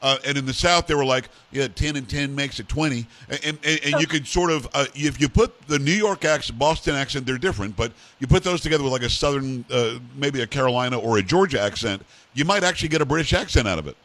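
A man's voice: medium pitch, animated, fast, hardly any pauses, a bit bright. A man hosting a talk show, rambling and playful as he puts questions to his guest. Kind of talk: casual interview chat.

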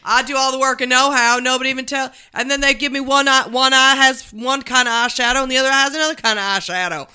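A woman's voice: sits high, steady tone, quick pace, few pauses, bright, forceful tone, smooth, pitched above the performer's own voice. A woman playing a whiny fed-up staffer. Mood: whiny indignant. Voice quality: whiny, indignant.

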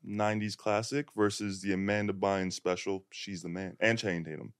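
A man's voice: lowish voice, steady tone, normal speed, clean tone, no room sound, clean studio sound. A man hosting a podcast in a casual, rambling way with lots of fillers. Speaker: podcast host. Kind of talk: casual chat.

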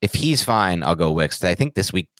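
A man's voice: low-pitched, animated, normal speed, fairly bright tone, no room sound, studio quality. A man co-hosting a fantasy football podcast, chatting casually in a joking, teasing way. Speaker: podcast co-host. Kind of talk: casual chat.

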